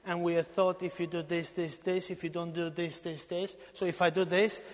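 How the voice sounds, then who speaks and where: A man preaches in a church, repeating phrases emphatically and swinging from ringing exhortation to near-whispered lines. His voice sits notably high for a man, and a long hall reverb trails every phrase. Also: level tone, moderate pace. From Romania. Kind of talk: sermon.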